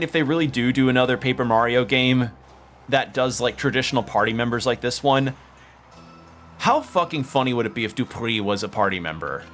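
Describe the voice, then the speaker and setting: A man's voice: medium pitch, fairly quick, a bit bright. A man streaming a video game, chatting casually and rambling, swearing now and then. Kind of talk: casual gameplay commentary. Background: game music.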